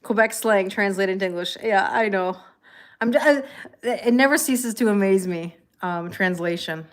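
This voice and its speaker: A woman hosting a tarot livestream in a calm, chatty way, reading viewer comments aloud and thanking people by name. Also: mid-range voice, normal speed. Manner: calm and relaxed. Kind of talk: casual livestream chat.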